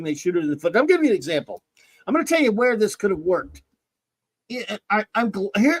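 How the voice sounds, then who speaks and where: A man's voice: high voice, fairly bright tone, dry recording, low-quality recording. A man hosting a casual review podcast, rambling and joking as he trips over his own words. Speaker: podcast host reviewing TV episodes.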